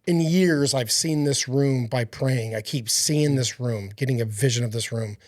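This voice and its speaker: A man's voice: medium pitch, moderate pace, no room sound, clean studio sound. Earnest rambling man telling his story. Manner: earnest, rambling storytelling with many fillers and restarts. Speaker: podcast guest. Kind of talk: personal faith testimony in conversation.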